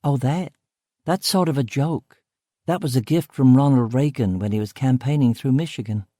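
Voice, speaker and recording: A man doing a crisp, formal young secretary. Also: mid-range voice, moderate pace, warm tone, dry recording, clean studio sound, natural voice. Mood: polite.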